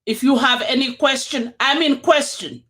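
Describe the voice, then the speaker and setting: A Gambian-accented host opening a live-streamed talk show, excitedly welcoming viewers over and over and mixing English with a local language. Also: high voice, moderate pace. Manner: excited, hyping, repeats welcomes.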